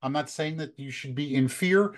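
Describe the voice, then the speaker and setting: A man's voice: fairly high pitch, normal speed. American man in his fifties giving tips. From United States. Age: 50s. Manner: relaxed and conversational, with many uh fillers. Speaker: photography workshop leader. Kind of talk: casual talk, practical travel tips.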